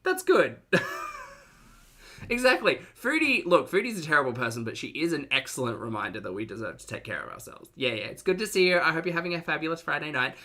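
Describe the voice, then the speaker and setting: Sarcastic Australian man, bright voice. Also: on the high side, big pitch swings, quick pace, few pauses. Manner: sarcastic, chatty, reads out chat messages. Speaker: streamer reacting to a video. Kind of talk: live-stream reaction commentary.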